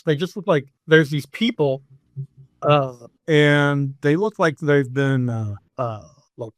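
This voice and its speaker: A man narrating a tabletop game as game master, halting often with ums and likes. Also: mid-range voice, no room sound, clean studio sound.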